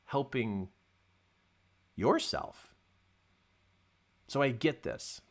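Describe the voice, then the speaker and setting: Animated man coaching with lively pitch. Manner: animated storytelling, emphatic repetition. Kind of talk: motivational talk to camera.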